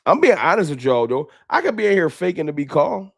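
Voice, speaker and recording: A man's voice: a little high, sing-song, a little fast, gravelly, no echo, studio quality. A man hosting a late-night sports fan livestream, talking off the cuff with emotion and slang. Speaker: sports fan show host.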